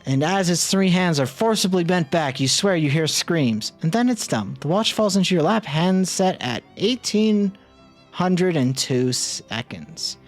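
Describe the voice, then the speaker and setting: A man's voice: high-pitched, lively intonation, measured pace, faint music behind. A man streaming a game, reading its story text aloud as narration.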